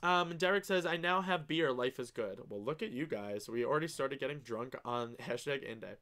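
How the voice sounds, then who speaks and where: A young man hosting a live stream, chatting casually and reading viewer comments aloud with excitable, gushing enthusiasm and the odd swear. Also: medium pitch, normal speed.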